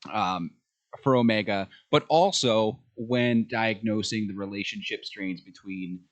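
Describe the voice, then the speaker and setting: A man co-hosting a podcast, chatting casually and excitedly about a show, with many ums. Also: on the low side, unhurried. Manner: enthusiastic fan talk with frequent fillers. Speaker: podcast co-host. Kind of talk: casual chat.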